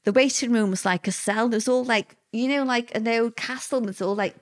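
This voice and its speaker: A woman's voice: fairly high pitch, fairly quick. Woman telling a story plainly. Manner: plain-spoken, vivid storytelling. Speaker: interviewee. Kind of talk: personal recollection in an interview.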